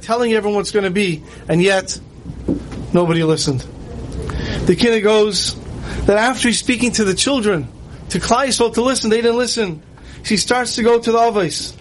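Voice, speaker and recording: Man, high voice, sermon storyteller, faint traffic hum behind. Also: rough recording. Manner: storytelling, acting out quoted lines with rising emotion. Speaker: rabbi giving a talk.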